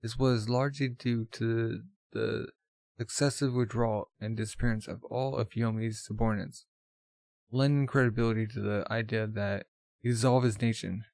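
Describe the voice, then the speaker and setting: A man's voice: mid-range voice, fairly even intonation, moderate pace, gravelly, a little mellow, no room sound. A man reading a manga aloud, narrating casually with jokey asides and spoken sound effects. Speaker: manga reader.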